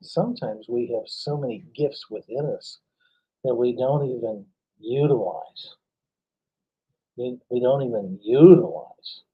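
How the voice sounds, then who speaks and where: A man giving an animated motivational talk, telling stories with frequent laughs and emphatic jumps in pitch. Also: unhurried, slightly rough, muffled recording. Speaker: motivational speaker.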